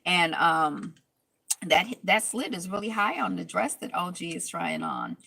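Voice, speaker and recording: A woman's voice: lowish voice, expressive, measured pace, vocal fry, bright, forceful tone, breathy edge, no echo, low-quality recording. A woman casually recapping a reality TV episode, rambling with lots of fillers and restarts.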